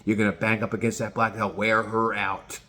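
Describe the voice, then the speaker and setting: A man voicing a stern man giving a dog orders, low and gruff. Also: flat delivery, normal speed, pushed and bright.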